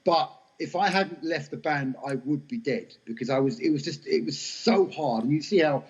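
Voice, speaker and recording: Animated middle-aged man telling stories. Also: fairly high pitch, moderate pace. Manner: animated, anecdotal, self-mocking. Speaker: guest actor. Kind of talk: casual storytelling interview. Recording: dull lo-fi podcast audio.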